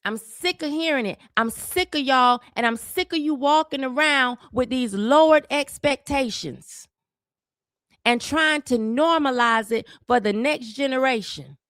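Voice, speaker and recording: Woman, high-pitched, unhurried delivery, sarcastic scolding commentary. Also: a bit bright, no room sound, studio quality. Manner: repeats words when fired up. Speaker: social commentator. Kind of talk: opinion monologue.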